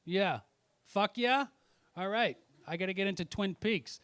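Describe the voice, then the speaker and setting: A man's voice: high voice, a little slow, a bit bright, clear, resonant tone, no echo. A middle-aged man doing a brash, profane stand-up set on a comedy club stage, teasing the audience between jokes. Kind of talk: stand-up set with crowd work.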